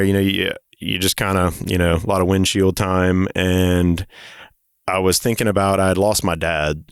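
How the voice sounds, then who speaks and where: A man who co-founded a company, telling an earnest, halting story in a casual interview. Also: low voice, clear, resonant tone, dry recording, studio quality. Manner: earnest, halting, full of fillers.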